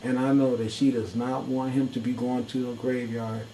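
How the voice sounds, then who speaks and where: A man's voice: mid-range voice, little pitch movement, normal speed, few pauses, warm tone, a little hiss or hum, rough recording. A man delivering heated, profane, preachy commentary in an angry rant. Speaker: video commentator.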